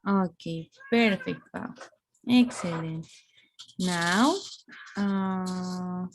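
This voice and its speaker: A woman's voice: mid-range voice, a little mellow, a little hiss or hum. A woman whose first language is Spanish, patiently teaching English grammar on a video call and checking in with frequent "okay"s. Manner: patient, explains step by step with many "okay"s. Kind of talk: online English grammar lesson.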